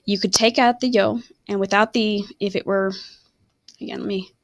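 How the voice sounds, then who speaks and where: A woman's voice: medium pitch, fairly even intonation, moderate pace, creaky, no echo. A woman teaching a recorded online lesson, rambling and often stopping to correct herself. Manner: self-correcting, apologetic, rambling. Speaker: Spanish teacher.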